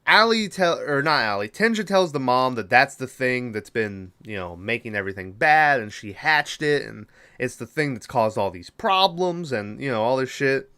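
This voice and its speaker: Man, young adult, podcast host, casual movie recap, profane, rambling, medium pitch. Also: animated, moderate pace, few pauses, pushed and bright, clean tone. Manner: rambling, profane retelling with fillers.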